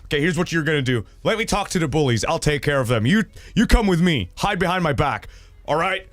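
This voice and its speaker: A young adult man hosts a casual livestream, reading viewer stories and reacting with animated, rambling commentary full of fillers and swearing. His voice is on the high side, a little fast, with no echo.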